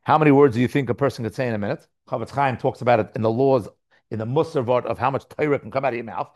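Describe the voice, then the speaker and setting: A man giving a Talmud class lecture, explaining lively, posing and answering his own questions and reading passages aloud. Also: mid-range voice, very fast. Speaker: Talmud teacher.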